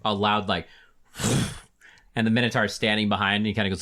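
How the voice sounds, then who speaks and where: A man's voice: on the low side, level tone, moderate pace, sharp tone. A man narrating a tabletop game as game master, loose and full of filler words.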